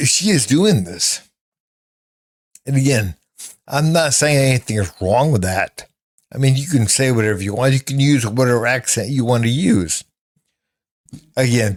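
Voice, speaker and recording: A man giving casual commentary on clips, repeating and restating his points emphatically. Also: mid-range voice. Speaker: online commentator.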